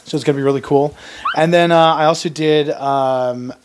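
A man working as a voice actor, chatting casually and warmly in an interview, with plenty of fillers. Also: fairly high pitch, fairly even intonation, normal speed, noisy background. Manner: friendly, chatty, many fillers. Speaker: voice actor guest.

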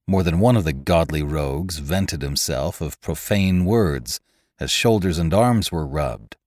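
A man reading a classic adventure tale aloud as narrator, measured and expressive. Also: very deep voice, no echo, clean studio sound. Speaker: podcast narrator. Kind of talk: scripted audiobook narration.

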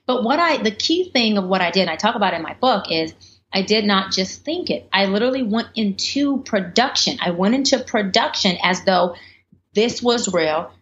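Animated woman telling a story, slightly muffled. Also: medium pitch, moderate pace. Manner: animated, jumps into voices of others. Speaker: life coach guest. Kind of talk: storytelling in an interview. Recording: slightly muffled with faint background noise.

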